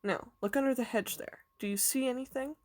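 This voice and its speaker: A woman reading aloud voices a kindly, eccentric old male professor who explains things gently and patiently. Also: high voice, fairly quick, pitched above the performer's own voice, natural voice. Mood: warm, explaining.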